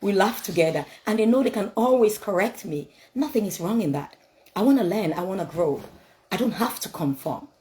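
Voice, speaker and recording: A woman's voice: medium pitch, expressive, a little fast, dark tone, low-quality recording. A woman speaking English as a second language, giving a motivational talk laced with scripture, emphatic and repetitive, full of rhetorical questions. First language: not English.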